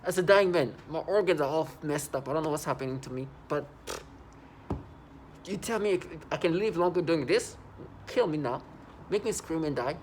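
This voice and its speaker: With slight background noise behind him, a man with a fairly high voice rambles through a personal vlog at a moderate pace. Agitated, he keeps restarting and correcting himself.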